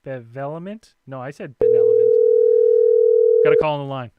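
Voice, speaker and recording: A man's voice: mid-range voice, level tone, racing, narrow, tinny audio, very noisy. A man hosting a paranormal call-in show, talking casually and with enthusiasm, laughing easily. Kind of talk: casual call-in radio chat.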